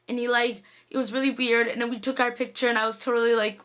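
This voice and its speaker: A woman vlogger telling a story to camera in a casual, excitable, gushing way, full of "like"s. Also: fairly high pitch, quick pace, smooth.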